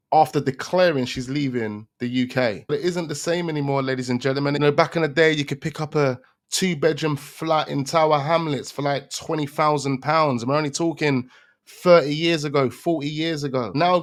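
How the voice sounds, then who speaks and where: A male host ranting bluntly to his viewers. His voice sits a little high for a man, and he speaks plainly and with force. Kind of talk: reaction commentary.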